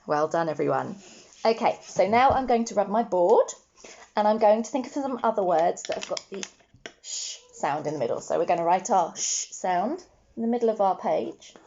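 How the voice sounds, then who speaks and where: A woman's voice: medium pitch, animated, moderate pace, vocal fry, dark tone, muffled recording. A woman teaching a phonics lesson to young children, patient and encouraging, sounding out each letter. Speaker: primary school teacher.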